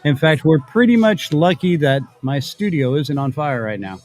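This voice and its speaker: A man's voice: on the high side, animated, moderate pace, soft background music. A man co-hosting a casual live show from his home studio, rambling and joking around. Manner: joking, rambling, tries silly British voice. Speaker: podcast co-host. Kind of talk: casual chat.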